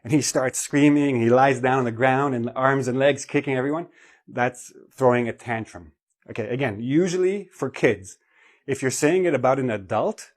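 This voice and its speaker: Male English teacher, mid-pitched voice, patient explanatory delivery with frequent check-ins. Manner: explanatory, checks in with "okay?" and "right?". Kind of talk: vocabulary lesson.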